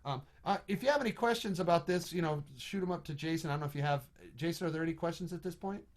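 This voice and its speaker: A middle-aged man teaches trombone over a video call in a relaxed, thinking-aloud way. His slightly high voice keeps breaking into sung "da da" rhythms between explanations. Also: quick pace. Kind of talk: online music lesson.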